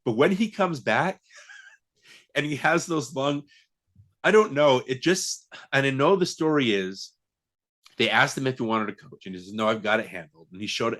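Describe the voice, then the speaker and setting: A man's voice: medium pitch, lively intonation, moderate pace, fairly bright tone. A man co-hosting a podcast, chatting casually about a film with many fillers, restarts and laughs. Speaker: podcast co-host. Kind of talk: casual movie chat.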